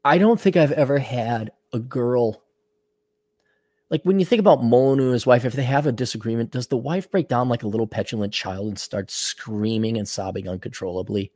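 An older man hosting a podcast while sick, clearing his throat often, ranting sarcastically and profanely and reading out donor messages. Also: mid-range voice, a little fast, a little mellow, no echo. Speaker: podcast host. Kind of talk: casual ranting monologue.

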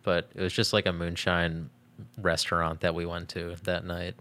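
A young adult man co-hosting a podcast, talking in a relaxed, rambling way and saying "like" a lot. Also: low-pitched, normal speed, no room sound. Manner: relaxed, rambling, heavy use of "like". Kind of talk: casual podcast chat.

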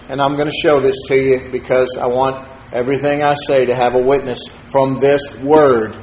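A man's voice: mid-range voice, a little mellow, echoey room, a little hiss or hum, low-quality recording. A man preaching a sermon to his congregation. He quotes scripture with rising fervor and calls on listeners by name. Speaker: pastor.

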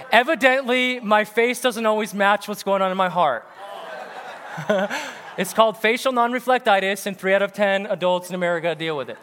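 A man in his thirties preaching a sermon, animated and punchy, with bursts of laughter. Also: high voice, brisk, hardly any pauses. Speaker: pastor. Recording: long hall reverb.

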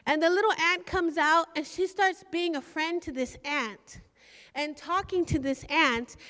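High-voiced fervent woman preacher. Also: fairly bright tone, long reverb tail. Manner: fervent, exhorting, storytelling. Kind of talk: sermon.

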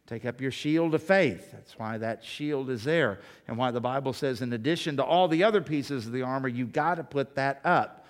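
A male pastor preaching a sermon, emphatic and full of rhetorical questions. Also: mid-range voice.

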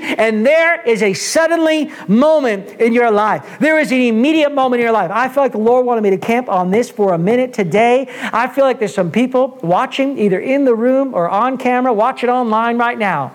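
High-voiced, emphatic male preacher. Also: moderate pace, hardly any pauses. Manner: energetic, emphatic, repetitive preaching. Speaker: pastor. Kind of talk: sermon. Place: church.

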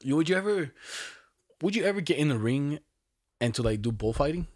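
A man's voice: a little high, animated, fairly quick, darkish tone. Laid-back young man telling stories. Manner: laid-back storytelling, heavy slang, laughs often. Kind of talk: casual chat.

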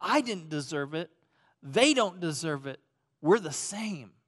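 A man preaching a sermon as pastor, swinging between loud emphasis and hushed, soft passages. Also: on the high side, animated, unhurried. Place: church auditorium.

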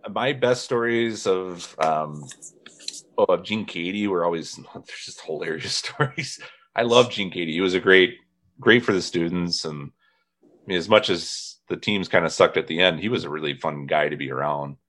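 A man with a very low voice hosts a relaxed conversation. He spins stories, breaks into laughter, and mimics the people he quotes. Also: normal speed. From northern Indiana. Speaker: podcast host. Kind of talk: casual chat.

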